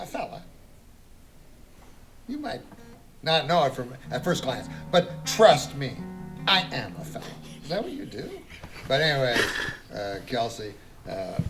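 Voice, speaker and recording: A man giving a deadpan comic shout-out, with drawn-out, mock-serious delivery. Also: mid-range voice. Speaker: guest recording a personal video message.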